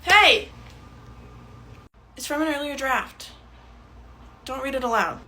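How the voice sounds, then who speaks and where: A woman's voice: sits high, expressive, slow, pushed and bright, a little hiss or hum. A young woman performing short comedy sketches, playing every part herself with a dry, matter-of-fact delivery.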